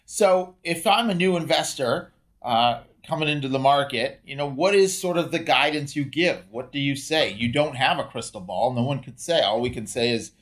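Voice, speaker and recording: A man hosting an interview podcast, jumping in with quick reactions and long, rambling questions. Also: mid-range voice, a bit bright. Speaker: podcast host. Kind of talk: casual interview conversation.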